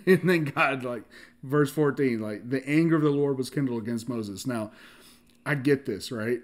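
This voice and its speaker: A man giving a casual sermon, animated, often laughing and acting out the dialogue of the story, with frequent restarts and filler words. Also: medium pitch, moderate pace. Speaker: preacher.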